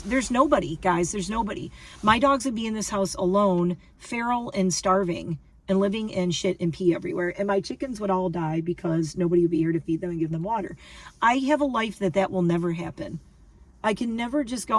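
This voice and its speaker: A woman's voice: mid-range voice, fairly quick, distant mic. A woman in her fifties talking casually to her viewers, emphatic and repetitive, often restarting her sentences. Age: 50s. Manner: emphatic, repeats herself, restarts. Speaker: lifestyle vlogger. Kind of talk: casual rambling monologue to camera.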